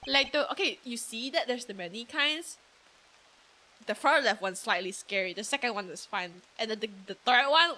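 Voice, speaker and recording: Excitable woman streamer yelling at a game. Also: medium pitch, moderate pace, background noise. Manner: excitable, shouts and swears. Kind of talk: casual game-stream commentary.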